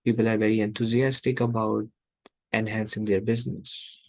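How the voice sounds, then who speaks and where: A man's voice: on the low side, little pitch movement, moderate pace, no room sound, poor audio. A man teaching a scripture class, rhetorical and acting out inner voices.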